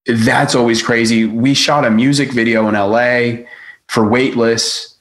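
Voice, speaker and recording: A man's voice: mid-range voice, measured pace. A man telling a touring story on a podcast in a casual chat, acting out quotes and saying like often. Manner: animated, acts out quotes, many likes. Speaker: podcast guest.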